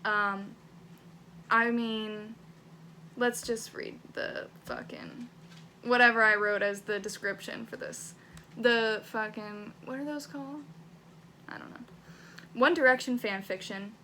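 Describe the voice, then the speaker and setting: Bright, candid young woman vlogger. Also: a little high, steady tone, slow pace, long pauses, a little hiss or hum. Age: young adult. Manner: candid, swears freely, laughs at herself. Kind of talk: casual chat, reading her old writing aloud.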